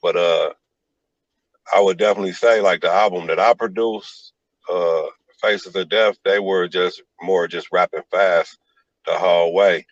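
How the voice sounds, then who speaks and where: A man telling stories in a relaxed interview, with lots of "like" fillers. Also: deep voice, measured pace, no room sound, muffled recording. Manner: laid-back storytelling with many "like" fillers. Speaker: rapper and producer guest. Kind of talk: casual interview talk.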